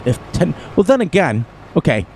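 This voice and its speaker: A middle-aged man with a fairly high voice and wide pitch swings talks at a moderate pace, with slight background hiss or hum. He chats casually with his live-stream audience while playing a farming game, rambling and chuckling along the way.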